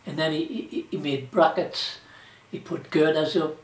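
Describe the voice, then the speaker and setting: Older geordie man, rambling oral history, fairly high voice, roomy echo, distant mic. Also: steady tone, unhurried. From South Shields, England. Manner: rambling, colloquial, with fillers like "you know" and "like". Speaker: interviewee, former shipwright.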